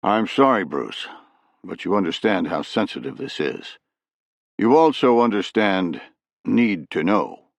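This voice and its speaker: A man voicing a calm, measured president. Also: deep voice, gravelly, no echo, heavily acted. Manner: measured, placating. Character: calm older male president, measured and authoritative.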